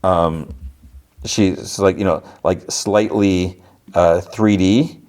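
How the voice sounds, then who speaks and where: A man's voice: low voice, fairly even intonation, extremely slow, darkish tone. A man hosting a podcast, casually recapping an episode with lots of fillers and restarts. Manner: rambling, many fillers and restarts. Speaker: podcast host.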